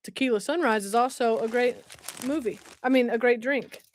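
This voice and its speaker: A woman's voice: on the high side, normal speed. A woman, chatting casually on a livestream and reacting to viewer comments while unboxing. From West Tennessee, US. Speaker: livestream host. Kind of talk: casual live-stream chat.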